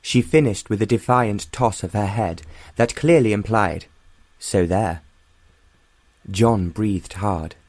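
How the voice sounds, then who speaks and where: In a dry recording, a man with a lowish voice narrates a romance audiobook. His scripted storytelling is measured and even.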